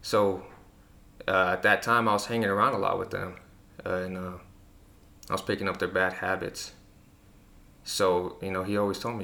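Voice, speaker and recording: Low gravelly man telling stories. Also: normal speed, pauses often. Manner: relaxed storytelling with many fillers. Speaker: guest. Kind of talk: casual conversation.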